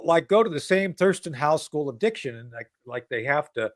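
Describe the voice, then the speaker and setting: A man's voice: on the high side, lively intonation, fairly quick. A man hosting a casual political talk show. He rambles and mocks, with many restarts and asides.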